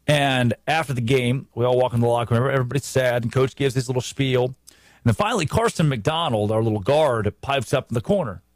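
A man hosting a sports talk show, giving animated commentary with emphatic restarts and repetition. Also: medium pitch, a little fast, no room sound.

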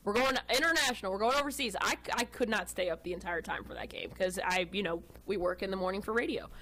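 A woman's voice: medium pitch, rough recording. Chatty woman sports co-host from Texas. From Austin, Texas. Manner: chatty, animated, quick to joke. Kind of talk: casual sports talk.

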